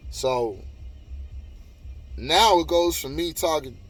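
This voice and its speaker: A man's voice: fairly high pitch, takes it slowly, soft background music. A man telling a heated, profane story in a casual monologue, repeating himself and swearing often. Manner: profane, heated, repetitive retelling.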